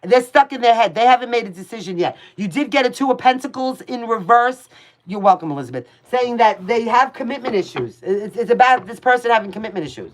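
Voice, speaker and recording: A woman's voice: on the high side, animated, fairly quick. Blunt chatty New York woman reading tarot. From Brooklyn, New York. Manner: blunt and chatty, swears freely, addresses viewers by name. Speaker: tarot reader on a livestream. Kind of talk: casual livestream tarot reading.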